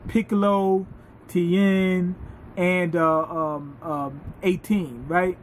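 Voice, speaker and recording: A man casually reviewing an anime episode, telling it in an animated, profane, laughing way. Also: high-pitched, extremely slow, slight background noise.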